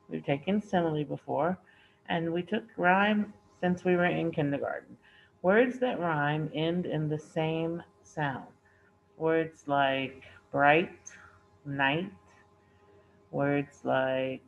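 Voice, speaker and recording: A woman's voice: low voice, gravelly. Patient teacher woman, dull lo-fi recording. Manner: patient, repeats points with okay and all right. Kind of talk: recorded classroom lesson explanation. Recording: dull lo-fi recording with faint hiss.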